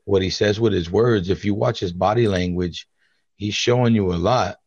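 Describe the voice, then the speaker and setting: Young male podcast co-host, loose and profane, lower-pitched, muffled and dry sound. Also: normal speed, crowd noise. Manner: profane, laid-back storytelling. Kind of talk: casual chat.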